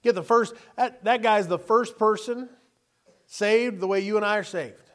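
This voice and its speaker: A man preaching a sermon, telling Bible stories with animated delivery and acting out the characters. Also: sits high, measured pace. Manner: animated storytelling, acting out scenes in character voices.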